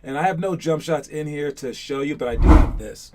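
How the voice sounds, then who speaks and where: A man coaching basketball students, talking in a chatty, energetic and motivational way and checking in with "all right?". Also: fairly high pitch, a little fast. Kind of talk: casual motivational talk to students.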